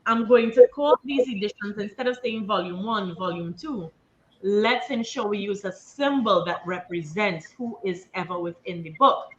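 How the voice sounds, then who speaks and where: A woman's voice: mid-range voice, moderate pace. A woman from Trinidad, a book series founder, telling an enthusiastic, run-on story in a casual interview. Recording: dull lo-fi line with faint noise.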